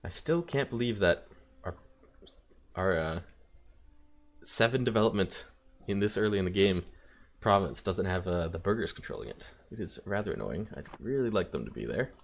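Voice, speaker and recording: A man's voice: low-pitched, expressive, normal speed, gravelly. A man casually commenting while playing a strategy game, thinking aloud with wry asides. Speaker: let's play host.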